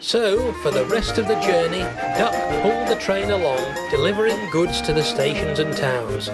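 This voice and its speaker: A man narrating a children's storybook tale in a steady storytelling manner. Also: high voice, moderate pace. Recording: loud background music.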